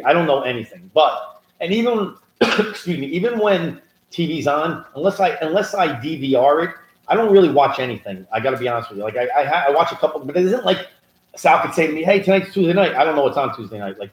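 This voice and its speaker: Animated man ranting on a roomy podcast. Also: fairly high pitch, fast, dull audio. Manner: animated storyteller, rising emphatic rants. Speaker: podcast co-host. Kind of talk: casual political chat. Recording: roomy echo.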